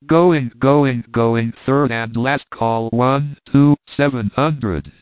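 A man's voice: mid-range voice, takes it slowly, no room sound, natural voice. A man voicing a persuasive auctioneer calling out bids. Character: auctioneer, male, pleading and persuasive. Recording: thin phone-like dry sound.

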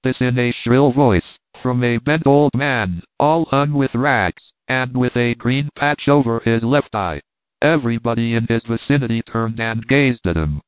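A man narrating a storybook in a slow, measured, even reading. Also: medium pitch, no room sound. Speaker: audiobook narrator. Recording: thin phone-like dry sound.

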